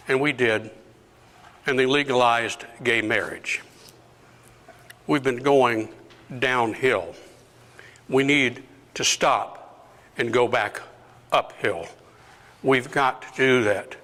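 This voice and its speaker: An older deacon gives a talk to a parish lunch group, speaking slowly in a medium-pitched voice that is bright and forceful. He acts out quoted exchanges, pushing those lines up toward shouts, and the audio carries a long parish-hall reverb.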